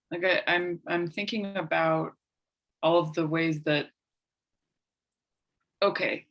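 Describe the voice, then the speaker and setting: A woman's voice: fairly low pitch, a bit bright. A woman workshop participant thinking aloud as she asks a question, hesitant and restarting while she searches for her words.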